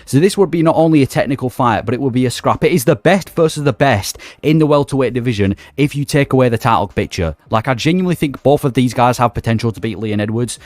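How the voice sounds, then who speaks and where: A man's voice: mid-range voice, fast, few pauses, darkish tone, no room sound. A man giving an enthusiastic, emphatic opinion vlog about fight matchmaking in a casual conversational way. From not Australia. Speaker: MMA commentary YouTuber.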